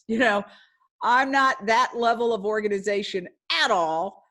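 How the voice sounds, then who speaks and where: A woman's voice: on the high side, unhurried, sharp tone. A woman journalist telling a story in a passionate, emphatic way during a casual live talk. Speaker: guest speaker, journalist.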